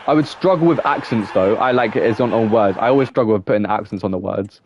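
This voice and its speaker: A man's voice: lowish voice, quick pace, darkish tone, slight background noise. Rambling English guy streaming a game. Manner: rambling, filler-heavy, reacting to the match. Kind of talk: casual live-stream chat while playing. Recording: dull, muffled sound.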